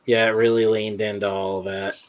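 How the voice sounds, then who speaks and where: A man's voice: fairly low pitch, little pitch movement. A man co-hosting a comics podcast, talking casually, joking and rambling with friends. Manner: joking, rambling, quick to laugh. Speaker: podcast co-host. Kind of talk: casual chat.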